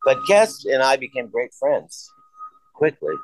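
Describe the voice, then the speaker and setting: A man's voice: mid-range voice, expressive, unhurried, a little hiss or hum, poor audio. A man casually telling rambling, profane stories and acting out the dialogue. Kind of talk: casual conversation.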